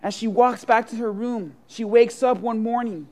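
A preacher giving a sermon and telling a story with dramatic swings from soft to loud. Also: medium pitch, steady tone, normal speed.

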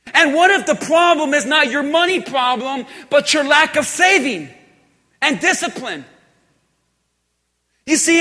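Pastor, male, very high bright voice, emphatic repetitive preaching, big hall reverb. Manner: emphatic preaching, repetitive phrasing, drops to quiet intensity. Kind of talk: sermon.

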